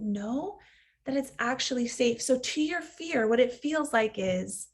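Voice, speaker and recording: A woman's voice: on the high side, expressive, measured pace, slightly rough. A woman in her thirties, a coach giving an earnest, reflective teaching talk and sometimes acting out the inner voice of fear.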